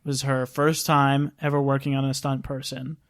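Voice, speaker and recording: A man's voice: mid-range voice, flat delivery, moderate pace. A man co-hosting a podcast, casually recounting background stories with lots of filler "like". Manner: recounting production background in a chatty, informal way with frequent "like". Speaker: podcast co-host.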